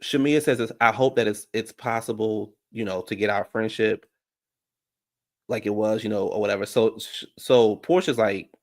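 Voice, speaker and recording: A man's voice: on the low side, moderate pace. A man recapping a reality show in casual commentary, sassy and profane, talking straight to his viewers.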